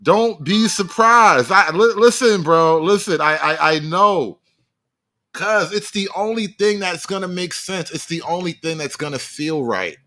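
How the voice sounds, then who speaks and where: A man's voice: high-pitched, unhurried, bright, forceful tone. A man reacting live to a video for his stream, cracking profane, mocking jokes as he riffs.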